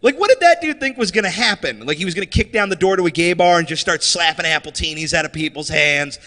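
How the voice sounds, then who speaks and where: A man performing a stand-up comedy set on stage, animated and slipping into mocking character voices. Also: fairly high pitch, quick pace, in a large hall. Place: comedy stage before a live audience.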